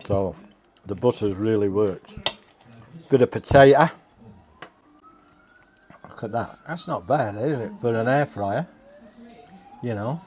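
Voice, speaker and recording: A man's voice: lowish voice, slow pace, pauses often, a little mellow. A man chatting casually as a home cooking vlogger, tasting his food on camera and talking with his mouth full. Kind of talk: casual taste-test chat.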